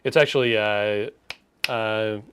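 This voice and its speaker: A man's voice: on the low side, takes it slowly. A man co-hosting a casual live stream, reading out and answering viewer questions. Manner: relaxed, reads viewer questions aloud.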